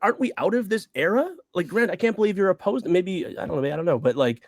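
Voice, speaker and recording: Lively, rambling man on a dry mic. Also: high voice, quick pace, no room sound. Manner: animated, rambling, self-interrupting. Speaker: podcast co-host. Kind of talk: casual podcast chat.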